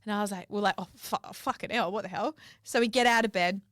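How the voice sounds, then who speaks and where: A woman's voice: medium pitch, fast talker, fairly bright tone, no echo, studio quality. A young woman, co-hosting a podcast and telling a story in casual chat, swearing freely and acting out quotes. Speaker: podcast co-host.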